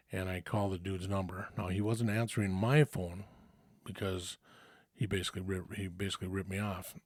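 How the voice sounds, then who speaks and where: A man with a fairly low voice tells a story from his own life in loose, casual talk. He swears often and keeps restarting sentences with plenty of ums and uhs. The recording is dry, with no room sound. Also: darkish tone, no echo. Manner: rambling, profane, many fillers and restarts. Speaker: storyteller recounting his past.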